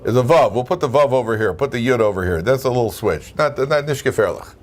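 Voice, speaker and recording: Rabbi teaching a lively class. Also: male voice, medium pitch, fast. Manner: lively, asks the class questions, frequent "right?". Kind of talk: informal Torah class.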